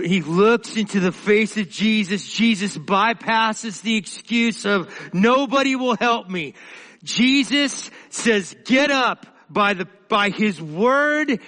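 A man preaching a sermon as pastor, passionate and halting, often restarting his sentences. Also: high-pitched, a bit bright, big-room sound.

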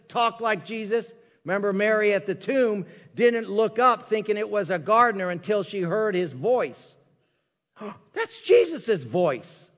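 A male pastor delivers a sermon with lively, joking energy, now and then acting out small scenes. His voice sits a little high for a man. The sound carries a long reverb, as in a large church hall.

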